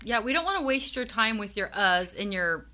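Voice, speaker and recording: A woman co-hosting a casual podcast, chiming in with quick, playful remarks. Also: medium pitch, expressive, bright, forceful tone. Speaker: podcast co-host, longtime emcee. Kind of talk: casual chat.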